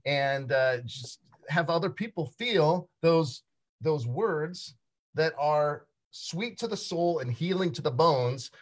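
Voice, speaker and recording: A man's voice: on the high side, lively intonation, slow. A middle-aged man from South Dakota co-hosting a casual talk show, telling stories in an upbeat, easygoing way. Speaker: co-host. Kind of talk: casual chat.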